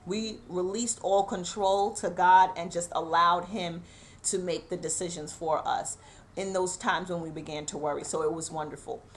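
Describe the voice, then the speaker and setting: A woman's voice: on the low side, steady tone, moderate pace, slight background noise. A middle-aged woman host giving an earnest, encouraging personal talk, emotional and holding back tears. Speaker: show host.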